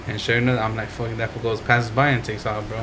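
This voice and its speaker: A young man co-hosting a podcast, telling stories in a slangy, profane, animated way. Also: lowish voice, fast, noisy background. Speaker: podcast co-host. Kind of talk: casual chat, storytelling.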